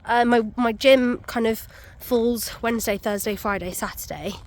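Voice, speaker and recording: A woman's voice: fairly high pitch, normal speed, no echo. A young woman, out of breath, chatting casually to camera on a muddy country walk with many ums. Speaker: vlogger. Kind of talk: casual walking vlog.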